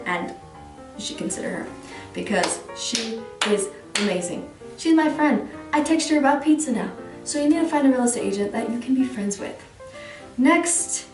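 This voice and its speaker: A woman's voice: fairly high pitch, darkish tone. A young woman giving advice in a chatty, rambling, self-deprecating vlog. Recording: roomy room, distant mic, faint music.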